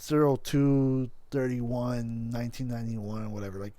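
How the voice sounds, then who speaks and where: A man's voice: mid-range voice, little pitch movement, moderate pace, mellow, no room sound. A young man co-hosting a casual podcast, rambling and cursing, stumbling over and repeating his words. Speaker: podcast co-host. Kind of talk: casual chat.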